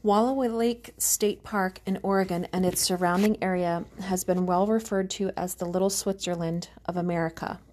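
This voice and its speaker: A woman calmly narrating an audiobook in a measured storytelling manner. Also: fairly low pitch. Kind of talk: scripted narration.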